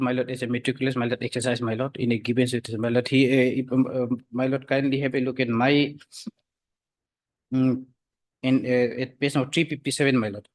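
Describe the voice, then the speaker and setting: A man arguing before a judge in a courtroom, halting with many fillers and addressing the bench as "my lord" again and again. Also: medium pitch. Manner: hesitant, full of fillers, repeats "my lord" constantly. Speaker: advocate for the government. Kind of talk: courtroom argument.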